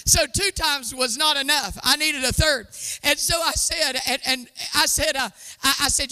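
High bright woman giving her testimony. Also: normal speed. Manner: animated storytelling, exclaiming and laughing. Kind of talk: testimony sermon. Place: church sanctuary before a live audience.

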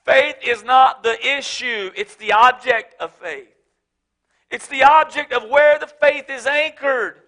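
A pastor delivers a sermon in a strikingly high, bright voice. He builds to shouted, repeated declarations, then drops into quiet, laughing asides with a down-home tone. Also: a little slow. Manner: preaching with rising shouted emphasis, then folksy asides; casual, joking, speaks of his wife.

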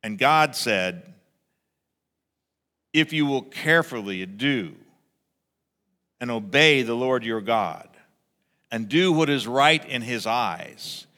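A man preaching a sermon as pastor, animated, acting out a grumbling crowd in raised voices. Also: medium pitch, slow, pauses often, in a large hall.

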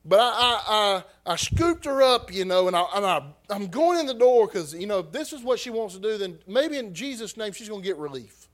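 A high-voiced preacher telling a story from the pulpit. He drops to a near hush, then climbs to loud, heated bursts. His delivery is raw and emotional. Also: expressive, brisk, few pauses. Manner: emotional, rising from hushed to loud. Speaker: pastor. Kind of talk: sermon storytelling.

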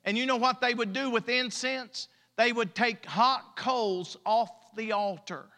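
Pastor, male, high bright voice, emphatic drawn-out preaching with humor, church hall reverb. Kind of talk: sermon. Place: church sanctuary.

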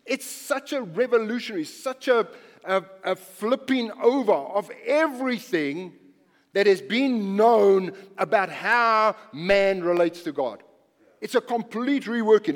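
A male pastor preaching a sermon, animated and emphatic, repeating phrases and swinging from quiet to loud. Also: high voice, a little slow, big-room sound.

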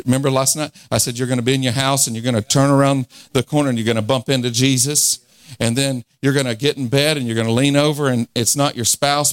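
A man's voice: medium pitch, no room sound. A man in his forties preaching a fervent revival sermon, leading the crowd in call-and-response and laughing often. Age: 40s.

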